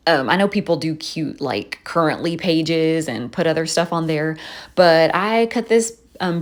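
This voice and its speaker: A woman chatting casually in a voice-over, telling stories and laughing often. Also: fairly low pitch. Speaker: planner vlogger.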